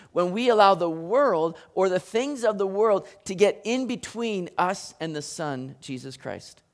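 A man preaching a sermon in an animated, conversational way, sometimes acting out voices. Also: sits high. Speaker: pastor.

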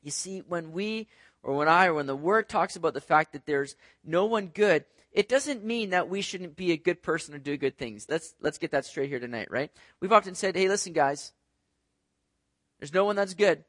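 A man's voice: a little high, expressive, normal speed, fairly bright tone, dry recording. A man preaching a sermon to a congregation in a conversational way, often checking in with "right?". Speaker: pastor. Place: church service.

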